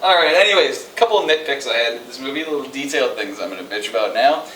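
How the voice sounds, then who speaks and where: A man's voice: mid-range voice, lively intonation, quick pace, fairly bright tone, a little hiss or hum. A man casually reviewing a movie with a co-host, rambling and sarcastic, with lots of fillers. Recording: echoey room, mic at a distance.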